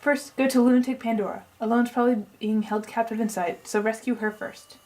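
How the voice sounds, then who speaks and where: A woman's voice: on the high side, fairly even intonation, brisk, a little mellow, close to an everyday voice, poor audio. A woman reading as a pompous eccentric scientist man. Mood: lecturing. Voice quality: tries a put-on accent and drops it. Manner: reads long exposition aloud. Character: pompous eccentric male scientist explaining a plan. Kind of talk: reading game dialogue aloud.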